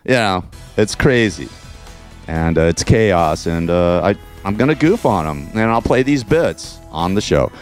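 A man's voice: low voice, expressive, measured pace, soft background music. A man hosting a talk radio show, ranting in a mocking, profane way and laughing at his own jokes.

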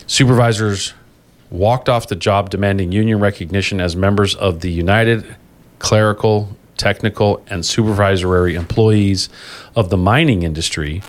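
A man with a fairly low voice hosts a casual union podcast. He talks loosely, circling back to correct himself and breaking into easy laughter between points. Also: moderate pace. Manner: rambling, self-correcting, laughs easily.

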